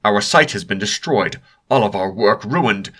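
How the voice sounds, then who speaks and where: A man voicing a male professor who booms and blusters. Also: animated, unhurried, slightly rough, exaggerated voice. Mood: blustering. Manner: loud, blustering.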